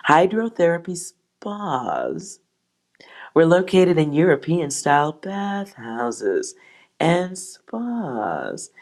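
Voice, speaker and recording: A woman's voice: deep voice, darkish tone. A woman hosting a tarot channel, reading a history text aloud and breaking off with sighs and wry asides. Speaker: tarot reader host.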